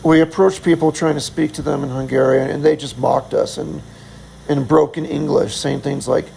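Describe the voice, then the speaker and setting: A middle-aged man with a gravelly, rough-edged voice, pitched a little high for a man. He tells a travel story in a loose, rambling way. He often chuckles and pokes fun at himself. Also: steady tone, normal speed, darkish tone, slight background noise, low-quality recording. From United States. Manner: chuckling, self-deprecating, rambling. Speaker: vlogger. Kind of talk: casual storytelling.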